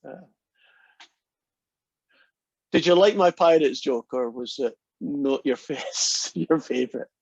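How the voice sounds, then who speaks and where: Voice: medium pitch, takes it slowly, vocal fry, long pauses, a little mellow, breathy edge, no room sound, highs cut off. A teacher in an online class, chatty and encouraging, telling jokes to the students. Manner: chatty, encouraging, laughs easily.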